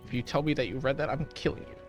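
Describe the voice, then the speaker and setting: A man's voice: mid-range voice, racing, soft background music. A man streaming a video game and commenting as he plays, rambling and swearing casually to fill dead air. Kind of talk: gameplay commentary.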